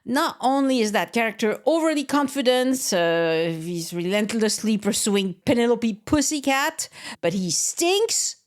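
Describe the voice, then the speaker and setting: A woman's voice: a little high, a little slow. Woman hosting a podcast. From France. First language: French. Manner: relaxed and conversational, with light laughs. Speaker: podcast host. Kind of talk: solo podcast commentary.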